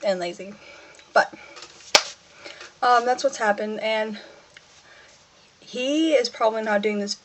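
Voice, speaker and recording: A woman's voice: steady tone, slow, long pauses, noisy background. A teenage girl talking casually in a personal vlog, rambling and self-mocking, acting out what she and others said. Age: teens. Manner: rambling, self-mocking, acts out her own quotes in a higher voice. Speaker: vlogger.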